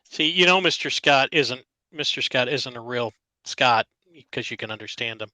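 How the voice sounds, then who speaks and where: Bright-voiced man with dry asides. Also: mid-range voice, lively intonation, moderate pace, no echo, poor audio. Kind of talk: casual movie commentary.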